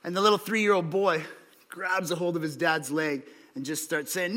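The long reverb of a church hall surrounds a man preaching an evening sermon in a fairly high, steady, bright and forceful voice at a moderate pace. He speaks casually, with frequent restarts and "right?" tag questions.

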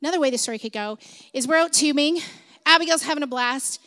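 A woman's voice: high-pitched, quick pace, a bit bright. A middle-aged woman telling a story in a sermon, conversational, with many fillers and asides. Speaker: speaker at a church service.

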